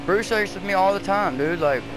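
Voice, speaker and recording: A man's voice: high-pitched, moderate pace, music in the background, low-quality recording. A man trash-talking heatedly and cursing while racing online with friends over a headset at home. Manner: profane, ranting, heated, talks to teammates. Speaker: gamer streaming online racing. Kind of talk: angry gaming trash talk.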